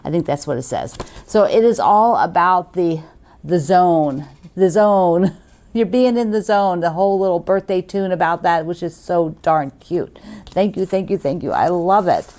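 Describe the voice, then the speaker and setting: A woman's voice: fairly low pitch, measured pace, darkish tone. A woman hosting a quilting video, chatting casually and gushing as she opens fan mail, laughing often. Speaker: quilting show host.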